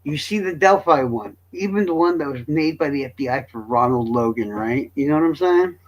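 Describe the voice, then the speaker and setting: Profane high-voiced man. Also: lively intonation, a little fast, highs cut off. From Florida. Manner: profane, rambling, joking. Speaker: streamer. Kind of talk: crude casual commentary.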